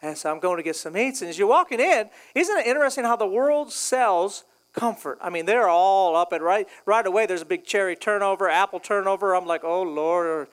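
A man's voice: high-pitched, lively intonation, brisk, hardly any pauses. A male pastor preaching a sermon in a casual, joking way, acting out quoted voices. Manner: jokey, conversational, acts out quoted voices. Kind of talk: humorous sermon.

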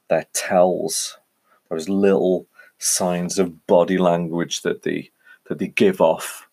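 Deep-voiced man with a Northwest English accent. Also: darkish tone. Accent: Northwest English, Cheshire and Welsh-border mix. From England. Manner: rambling, chatty, frequent self-corrections. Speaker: podcast host. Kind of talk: casual solo podcast monologue.

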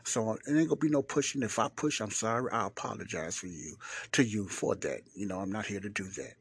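Husky, low-voiced man hosting a Bible-study podcast. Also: brisk. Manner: chatty and informal, rambling with restarts and loud greetings. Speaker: podcast host, Bible teacher.

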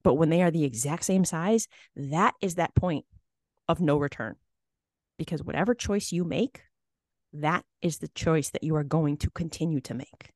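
Host, mid pitch, animated explainer who builds analogies, recorded dry. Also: normal speed, no echo. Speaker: podcast host. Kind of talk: casual conversation.

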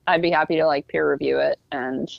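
A woman hosting a podcast, chatting in a relaxed, hesitant way with lots of fillers. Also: sits low, fairly quick, gravelly, no echo. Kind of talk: casual podcast chat. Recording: dull dry lo-fi sound.

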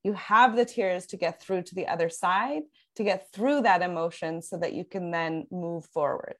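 An earnest woman speaks in a relaxed podcast chat, explaining at length with plenty of "like" and "um" along the way. She talks as a parenting coach, restarting her sentences as she works through her points. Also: on the low side, moderate pace. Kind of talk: casual podcast conversation.

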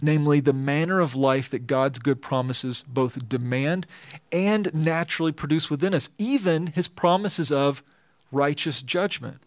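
A pastor giving an expository sermon, reading scripture and then explaining it earnestly and emphatically. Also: male voice, fairly high pitch, a little slow, no room sound.

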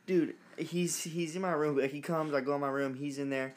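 A young man telling a casual story to friends, low-key, opening his lines with "dude". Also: fairly even intonation, normal speed.

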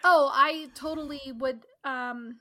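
A woman's voice: sits high, fairly even intonation, slow, bright, forceful tone. A woman hosting a podcast, chatting casually and outspokenly with many "like"s. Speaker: podcast host. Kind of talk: casual chat.

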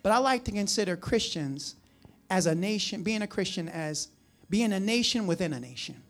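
A man's voice: high voice, expressive, moderate pace, a bit bright, faint music behind. A man from the New Jersey or New York area preaching a conversational sermon, folksy and chatty with frequent asides and chuckles. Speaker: pastor.

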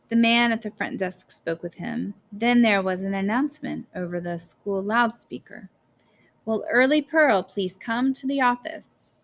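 A woman narrating a story aloud in a measured, careful storytelling manner. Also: mid-range voice, creaky. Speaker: audiobook narrator. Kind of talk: scripted narration.

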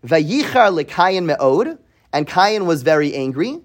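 A man's voice: a little high, sing-song, a little slow. A man teaching a weekly Bible class to students in a classroom. He reads Hebrew verses and translates them, asks questions, often adds "right?", and repeats words as he thinks aloud. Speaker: Torah teacher.

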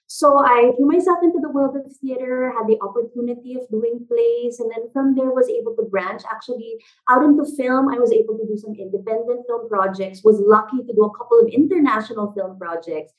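Woman guest, theater founder, high-ish voice, chatty and animated with plenty of fillers. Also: fairly quick, phone-quality sound. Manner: animated storyteller, lots of fillers like "like" and "you know". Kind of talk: casual interview chat.

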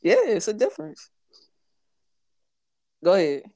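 A woman's voice: medium pitch, wildly swooping pitch, measured pace, dark tone. A woman, talking bluntly and profanely in casual chat, repeating her points for emphasis.

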